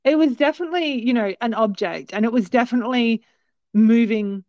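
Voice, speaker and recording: A woman guest telling a story in a rambling, animated way, with many restarts. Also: fairly high pitch, fairly quick, no echo. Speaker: guest recounting a sighting. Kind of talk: casual storytelling. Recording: dull, lo-fi, dry sound.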